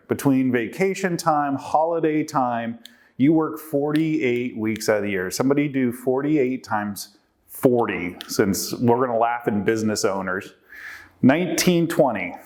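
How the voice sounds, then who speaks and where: A man's voice: medium pitch, darkish tone. A man presenting a workshop to a live group, quizzing the audience and working through numbers aloud.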